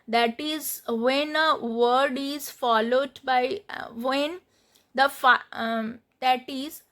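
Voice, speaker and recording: Casting: female language tutor, high pitch, slow, patient delivery that spells words letter by letter. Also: a bit bright. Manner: spells out letters and repeats words while explaining. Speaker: French teacher. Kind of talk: slow explanatory lesson.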